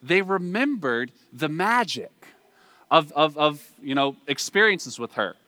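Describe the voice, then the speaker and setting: Southern guy preaching, chatty, asks lots of rhetorical qs, kinda high bright voice. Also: big pitch swings, unhurried, dry recording, studio quality. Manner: conversational, with rhetorical questions. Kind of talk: sermon.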